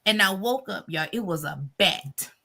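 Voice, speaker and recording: Lively woman telling stories. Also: mid-range voice, moderate pace, vocal fry. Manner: animated storyteller, laughing, dramatic. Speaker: livestream host. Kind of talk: casual livestream chat.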